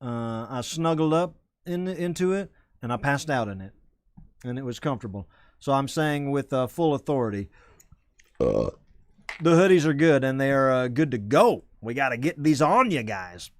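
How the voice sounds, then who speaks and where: A man's voice: mid-range voice, expressive, moderate pace, no room sound. A man hosting a comedy web show, rambling and self-correcting while hyping merchandise like a salesman. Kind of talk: rambling comedic live-stream chat.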